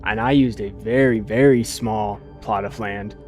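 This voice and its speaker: A man playing a tabletop game, quick to protest and defend himself. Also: on the low side, steady tone, a little mellow, faint music behind. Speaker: player. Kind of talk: casual game banter.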